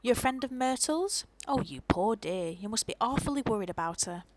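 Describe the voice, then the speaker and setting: A woman's voice: fairly high pitch, lively intonation, brisk, a little hiss or hum, natural voice, poor audio. Woman doing a chatty old neighbor lady from a game, fussy, kind, gossipy. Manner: fussing, chatty and sympathetic.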